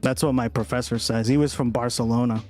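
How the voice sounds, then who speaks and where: A young man talks loosely to his livestream chat, swearing freely and trailing off into tangents. His pitch sits in a middling register. Faint music plays under his voice. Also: steady tone, fast talker, a little mellow. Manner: casual, profane, rambling with frequent "right?". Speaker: political livestream host. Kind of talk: casual livestream chat with viewers.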